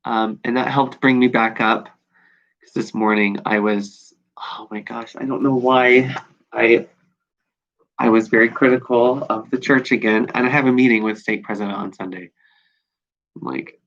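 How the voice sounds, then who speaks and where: A man recording a personal video journal, talking in a reflective, halting way with many pauses and fillers. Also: mid-range voice, fairly even intonation, fairly bright tone. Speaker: video diarist. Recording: dull lo-fi recording.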